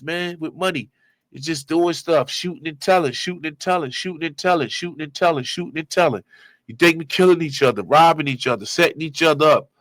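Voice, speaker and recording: A man hosting his own show, giving loose, slangy street commentary and shout-outs. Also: fairly high pitch, no room sound. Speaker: show host reacting to clips. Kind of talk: casual commentary.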